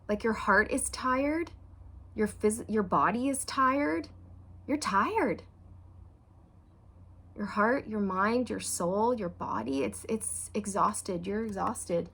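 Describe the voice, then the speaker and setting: A woman doing a channeled tarot reading for viewers, chatty and expressive. She acts out quoted feelings with big swings, then drops soft and low for emotional parts. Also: takes it slowly, gravelly, slightly rough. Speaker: tarot reader.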